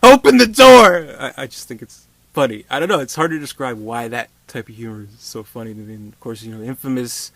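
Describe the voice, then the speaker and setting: Casting: chatty male movie reviewer, mid-pitched, rambling delivery, dry close sound. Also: fairly even intonation, fast, fairly bright tone, dry recording. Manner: rambling, many fillers and restarts. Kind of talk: casual film review.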